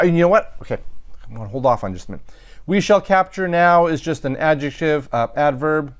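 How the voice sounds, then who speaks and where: A man teaching a recorded Latin lesson, thinking aloud as he works through sentences, with frequent restarts and self-corrections. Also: on the high side. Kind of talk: recorded lecture.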